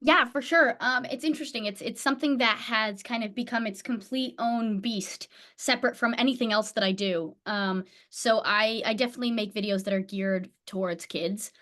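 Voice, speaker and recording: A young woman from New Jersey, an actor guest chatting casually in an interview, bubbly and quick to laugh. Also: on the high side. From New Jersey, USA. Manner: bubbly, laughs often, lively quoted asides.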